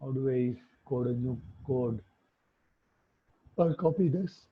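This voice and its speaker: The recording is muffled like a phone call, carrying a man's mid-range, slightly breathy voice as he teaches online. He takes his time, guiding students step by step and frequently confirming with tag questions.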